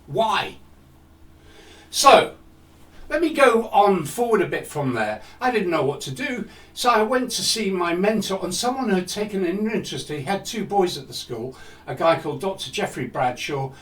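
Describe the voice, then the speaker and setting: A man's voice: sits high, expressive, normal speed, a bit bright. Older man telling a reflective story. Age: 70s. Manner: reflective, rhetorical questions. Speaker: speaker. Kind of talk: personal storytelling talk. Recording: roomy echo, distant mic.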